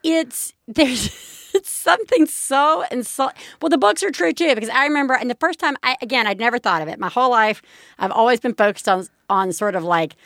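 A woman's voice: a little high, expressive, fairly quick, a bit bright, no room sound, studio quality. Chatty laughing woman podcast host. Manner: chatty, laughs often, self-interrupting. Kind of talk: casual chat.

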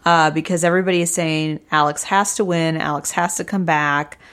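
A woman co-hosting a podcast, recapping a show in casual chat, step by step and steady. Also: deep voice, fairly quick, clear, resonant tone. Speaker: podcast co-host.

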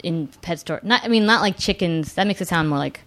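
A woman's voice: lowish voice, brisk. A woman guest on a podcast, telling stories in a rambling, digressive way full of restarts. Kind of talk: casual chat.

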